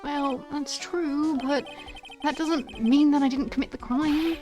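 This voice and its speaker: Female streamer doing a frantic young guy who keeps shouting he's guilty; high and loud. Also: takes it slowly, soft background music. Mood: pleading. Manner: shrill, excitable, pleading. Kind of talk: game dialogue read aloud.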